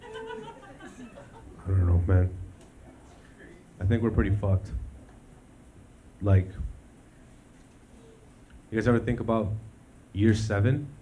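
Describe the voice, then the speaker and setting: A male comic who is high and does a laid-back set, cursing freely and chuckling at his own lines. His voice sits on the low side, and a live venue's audience hum runs steadily underneath. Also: wildly swooping pitch, slow, pauses often, warm tone. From Canada. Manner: laid-back, swears a lot, laughs at own jokes. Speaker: stand-up comedian. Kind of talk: stand-up comedy. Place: live comedy stage.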